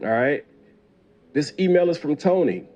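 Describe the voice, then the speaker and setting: Man, ex-cop host, casual opinionated chat, muted low-fi audio. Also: very animated, unhurried, a little mellow, dull audio. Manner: conversational, opinionated, reads viewer email aloud. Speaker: host, former police officer. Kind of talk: casual commentary.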